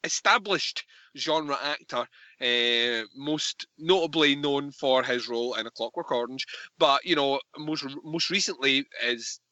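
Bright, enthusiastic man hosting a film podcast. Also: mid-range voice, dry recording. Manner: enthusiastic, swearing. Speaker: podcast host. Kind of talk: casual film review chat.

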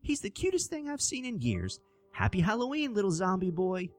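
A man's voice: sits high, wildly swooping pitch, a little fast, voice pushed up. A man voicing a cheerful elderly woman handing out candy, sweet and gushing. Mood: doting.

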